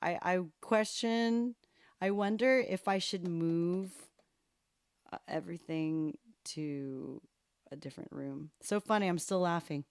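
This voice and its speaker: On the low side and slow, her voice comes through clear and resonant. She's a livestream piano host fielding requests from home, bantering casually with viewers and chuckling at herself over a studio microphone at shifting distances.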